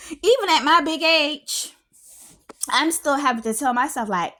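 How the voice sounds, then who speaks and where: Woman, 30s, somewhat high voice, animated, outspoken, loud at times, casual reaction vlog. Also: measured pace. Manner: animated and outspoken, with frequent laughs and exclamations. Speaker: reality TV reviewer.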